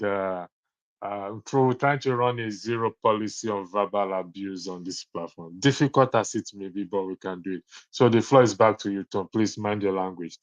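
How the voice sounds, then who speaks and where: A man with a lowish voice moderates an online debate, calm and polite with many fillers. The sound is dull and dry, like a web call. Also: no echo. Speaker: host.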